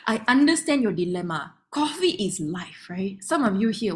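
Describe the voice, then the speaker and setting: A young woman with a Malaysian English accent giving a lively online sales presentation, chatty and quick to laugh, acting out what her customers say. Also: medium pitch. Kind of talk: online product demo presentation.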